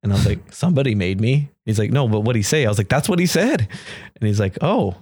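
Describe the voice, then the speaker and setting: Guy chatting on a podcast, lowish voice, acts out what people said, dry close sound. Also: racing, dry recording. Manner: animated, acts out quoted dialogue. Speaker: podcast guest. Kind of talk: casual storytelling in an interview.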